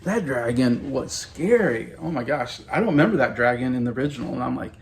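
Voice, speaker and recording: A man's voice: mid-range voice, lively intonation, a little fast, hardly any pauses, a little hiss or hum. A man around forty giving a casual movie review, rambling and hedging with frequent restarts.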